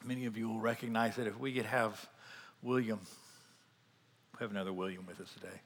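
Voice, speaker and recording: A man preaching a sermon as pastor, earnest, swinging between loud emphatic lines and quiet asides. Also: lowish voice, fairly even intonation, brisk, long reverb tail.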